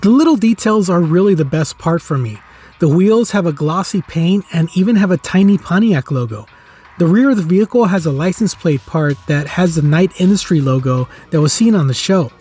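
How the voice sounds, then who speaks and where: A middle-aged man narrating a scripted toy review with earnest, nostalgic enthusiasm. His voice is somewhat husky and sits a little high for a man. Faint music plays underneath. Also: expressive, moderate pace, dark tone. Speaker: toy reviewer, channel host.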